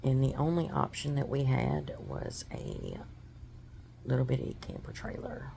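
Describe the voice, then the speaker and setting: A woman's voice: extremely low pitch, wildly swooping pitch, measured pace, vocal fry, dark tone, a little hiss or hum. A woman giving a personal testimony, telling her story in an earnest, emotional way.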